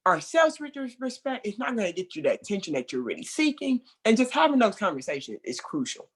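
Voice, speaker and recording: A woman's voice: mid-range voice, brisk, slightly rough. A woman who works at a children's center, talking casually and expressively with lots of fillers over a video call. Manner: expressive, conversational, many fillers like "like". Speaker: children's center worker sharing experience. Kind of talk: casual training discussion.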